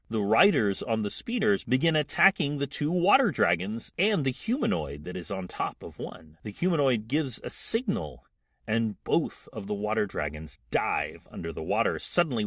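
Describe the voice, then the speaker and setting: A man hosting a podcast who retells a comic book story as an animated storyteller, acting out the quotes. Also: fairly low pitch, slightly rough, dry recording, clean studio sound. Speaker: podcast host.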